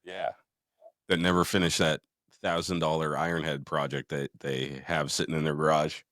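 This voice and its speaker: Deep-voiced, profane man shooting the breeze. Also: flat delivery, moderate pace, fairly bright tone, dry recording, studio quality. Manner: profane, joking, reads listener mail aloud. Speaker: podcast co-host. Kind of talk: casual chat.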